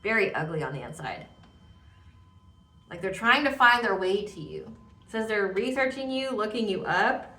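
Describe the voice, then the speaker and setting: A woman's voice: mid-range voice, lively intonation, normal speed, pauses often, bright, forceful tone, recorded from a distance. A woman giving a casual tarot reading, rambling and emphatic, repeating words with many fillers. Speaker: tarot reader. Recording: echoey room, voice off-mic.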